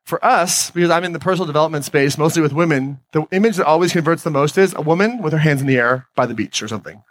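A man's voice: a little high, quick pace, no room sound. A man giving a motivational talk on stage, speaking conversationally and putting questions to his audience. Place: stage before a live audience.

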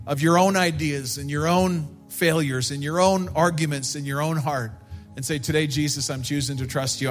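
Man, pastor, sermon, earnest, emphatic, slow, faint music behind. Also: fairly high pitch.

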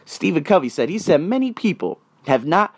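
Animated man with a fairly high voice. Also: normal speed. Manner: animated, swings between loud emphasis and quiet asides. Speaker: podcast host. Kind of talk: casual motivational monologue with personal stories.

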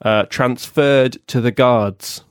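A man co-hosts a podcast in a casual, joking way, recapping a novel with easy laughter. His voice sits at a middling pitch and sounds close and dry, with no room around it. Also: steady tone, takes it slowly, clean tone, no echo. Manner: playful, laughs often, summarises the plot. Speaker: podcast co-host. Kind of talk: casual book-club chat.

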